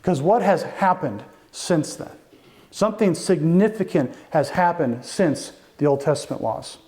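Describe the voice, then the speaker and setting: A man preaches in a fairly high voice. His sermon is conversational and animated, full of asides and quick explanations to the congregation. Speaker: pastor.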